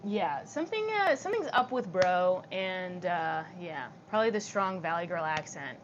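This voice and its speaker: A young woman livestreaming. She speaks with steady vocal fry, reads comments from her chat aloud and answers them with light, giggly chatter. The audio sounds slightly dull and muffled, with a faint hiss behind her voice. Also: lowish voice, moderate pace.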